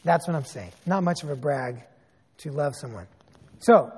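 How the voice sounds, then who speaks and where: A man in his thirties preaching a sermon as a pastor, telling stories in an animated way with sarcastic asides. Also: on the high side, normal speed, slightly rough, big-room sound.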